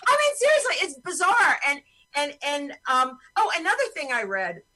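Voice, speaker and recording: A woman hosts a podcast over a video call and rants in a blunt, profane way. Her voice is bright and set a little high. She talks as casual chat with friends. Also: wildly swooping pitch, normal speed, poor audio. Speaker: podcast host.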